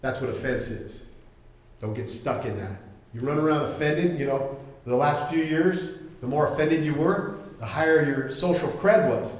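Animated pastor preaching in an echoey hall. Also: male voice, a little high, moderate pace. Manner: conversational, animated, acts out quoted voices. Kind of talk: sermon. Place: church hall.

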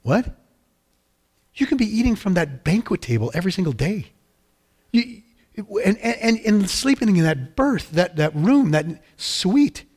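A man's voice: very animated, a little fast, pauses often, a little mellow, breathy edge, heavily acted. A man voicing an incredulous, insistent ship captain in a sermon story, exclaiming urgently. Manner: exclaiming, high and pressing.

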